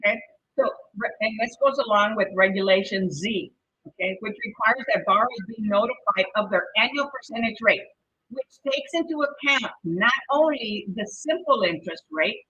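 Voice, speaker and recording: A woman's voice: a little high, normal speed, sharp tone, breathy edge, muffled recording. A woman with a Mexican Spanish accent teaching a live-streamed exam prep lesson, chatty and encouraging, often checking in with "okay?". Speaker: real estate exam prep instructor.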